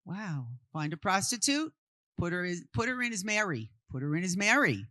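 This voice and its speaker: A woman's voice: fairly low pitch, very animated, moderate pace, pushed and bright, no echo. A woman from Brooklyn, giving an interactive art history talk and firing questions at her audience before answering them. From Brooklyn, New York. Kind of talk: interactive talk to a live group.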